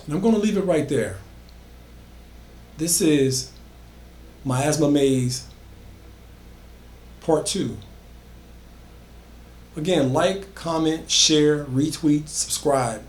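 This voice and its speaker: A man's voice: on the high side, drawn-out words, long pauses. A man casually telling an original horror story, building emphasis by repeating phrases. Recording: echoey room.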